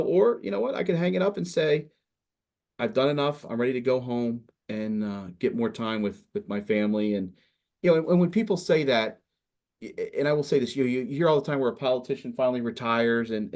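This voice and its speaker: Addressing students as a state senator, a middle-aged man speaks in a medium-pitched, slightly mellow voice. His talk is casual and meandering, dotted with frequent "you know"s and other fillers.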